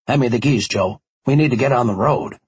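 A man reading an audiobook, voicing a brisk, decisive man who takes charge and speaks curtly. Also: mid-range voice, husky, no room sound, natural voice. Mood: determined. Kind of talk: audiobook character voice.

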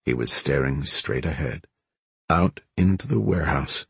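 This is scripted audiobook narration from a man with a deep, husky voice. He tells the story steadily and with measure, with no room sound in the recording.

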